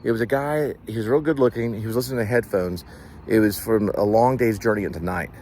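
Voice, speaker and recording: A man's voice: fairly low pitch, fast talker, darkish tone, a little hiss or hum. A man hosting a casual vlog, telling a rambling, digressive story full of fillers and restarts, recorded in a car. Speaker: vlog host.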